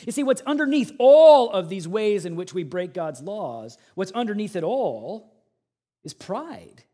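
A man in his forties delivers a sermon, his voice sitting high for a man. He is animated, slipping into mocking impressions and dropping suddenly from forceful to hushed. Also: unhurried. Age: 40s. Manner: animated, acts out mocking quotes, swings from loud to hushed. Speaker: pastor.

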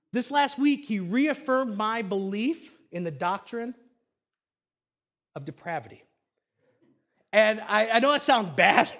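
A man in his thirties preaching a sermon as a pastor, telling stories animatedly and swinging from hushed to loud. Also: very high-pitched.

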